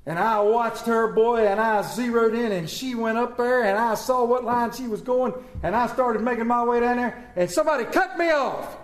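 Male preacher, higher voice, emphatic storytelling sermon, echoey church room. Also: normal speed, few pauses. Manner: emphatic, storytelling with calls to the congregation.

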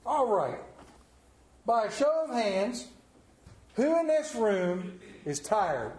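A man's voice: high voice, sing-song, takes it slowly, a little mellow. A man giving a conversational sermon as a lay preacher, telling folksy, humorous stories about his week. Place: church sanctuary. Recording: roomy echo of a church.

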